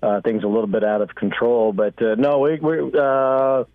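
A relaxed man rambles through a call-in chat on sports radio, with plenty of fillers. His voice comes through a tinny, narrow phone line. The sound is dry, with no room echo. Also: medium pitch, moderate pace.

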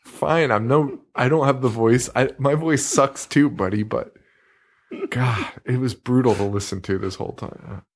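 A young man co-hosting a podcast in casual chat, animated and jokey, swearing freely and slipping into mock voices. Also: mid-range voice, normal speed. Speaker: podcast co-host.

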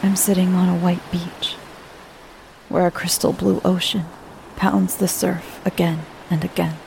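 A woman narrating a scripted first-person horror story in a slow, low, hushed voice that often drops to a whisper. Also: flat delivery, vocal fry, a little hiss or hum.

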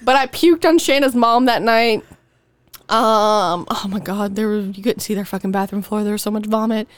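A woman's voice: medium pitch, normal speed, clear, resonant tone. A young woman, a podcast host telling a long, profane story in casual chat and acting out the people in it. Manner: profane, animated storytelling with acted quotes.

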